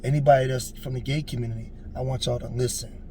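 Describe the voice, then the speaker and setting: A man's voice: mid-range voice, steady tone, fast, dark tone, a little hiss or hum. A man in his forties telling a personal story in a casual, earnest way, with emphatic, preachy asides. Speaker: storyteller on a street interview show.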